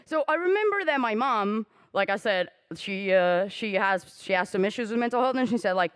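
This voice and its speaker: A woman's voice: medium pitch, animated, normal speed, smooth. A woman giving a casual conference talk, chatty and self-mocking, with frequent "like" fillers. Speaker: conference speaker. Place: conference hall.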